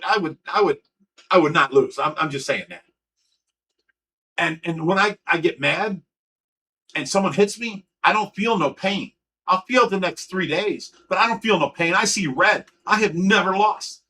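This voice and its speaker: Heated, high-pitched rambling man. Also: sharp tone, rough recording. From Ohio. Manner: blunt, rambling and heated, with frequent swearing and restarts. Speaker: fish rescue owner and livestream host. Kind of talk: casual livestream chat.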